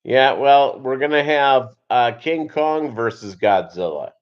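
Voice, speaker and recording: A man's voice: medium pitch, a little slow, clean tone, highs cut off. A man hosting a casual livestream chat, rambling and jokey, with lots of fillers. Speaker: show host.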